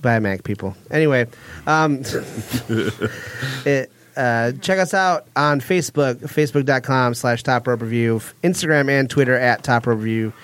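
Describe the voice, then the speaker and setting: A man's voice: medium pitch, a little slow, fairly bright tone, a little hiss or hum. Guy hosting a podcast, loose chatty sign-off, lots of uhs. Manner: rambling, filler-heavy sign-off. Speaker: podcast host. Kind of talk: casual chat.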